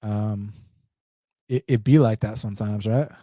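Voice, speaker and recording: A man's voice: lowish voice, steady tone, measured pace, mellow, dry recording, studio quality. A man with an Atlanta accent hosting a live stream, reading chat questions and answering them in a blunt, casual, slangy way. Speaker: host.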